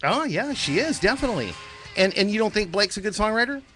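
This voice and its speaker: A man's voice: high-pitched, very animated, quick pace, a bit bright, faint music behind. A man hosting a live call-in radio show, rambling with restarts and casual swearing.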